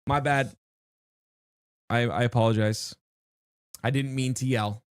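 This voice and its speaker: A live streamer chatting excitedly to viewers while playing, often restarting sentences mid-thought. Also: mid-range voice, unhurried, clean tone, no room sound, studio quality. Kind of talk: live-stream game reaction chat.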